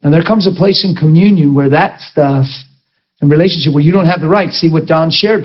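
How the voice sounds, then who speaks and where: A middle-aged man preaching a sermon with humorous stories, chatty and animated, often asking his listeners rhetorical questions. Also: on the high side. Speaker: pastor. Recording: dull lo-fi recording.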